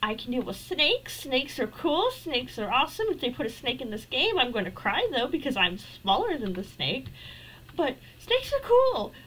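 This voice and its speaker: A woman's voice: sits high, sing-song, moderate pace, fairly bright tone, a little hiss or hum, rough recording. A young woman streaming a game, talking casually with nervous, frightened rambling and sudden shrieks. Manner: jittery and frightened, shrieking at spiders, then rambling.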